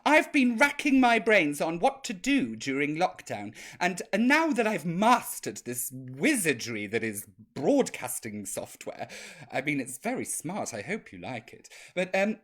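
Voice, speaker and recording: Lively camp drag grandma host. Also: male voice, fairly high pitch, measured pace. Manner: camp, chatty, reads out viewer comments. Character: cheeky camp drag grandmother, chatty and naughty. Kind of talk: live-streamed chat show.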